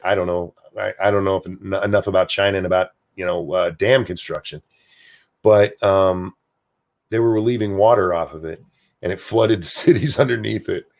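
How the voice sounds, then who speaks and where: On a home livestream, a man with a lowish voice rambles loosely from thought to thought, swearing in an offhand way. As host, he reads viewer comments aloud and responds in an easygoing, unscripted manner.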